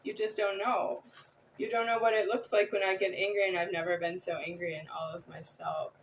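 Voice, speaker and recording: A woman's voice: medium pitch, flat delivery, fairly quick, far from the mic, a little hiss or hum, poor audio. A woman vlogger talking to the camera in a rambling, repetitive, agitated monologue.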